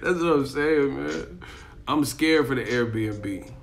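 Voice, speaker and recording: A man's voice: mid-range voice, lively intonation, slow pace, gravelly. Rambling, laughing man on a live stream. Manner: rambling, profane, laughs a lot, acts out voices. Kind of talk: casual live-stream chat. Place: in Miami.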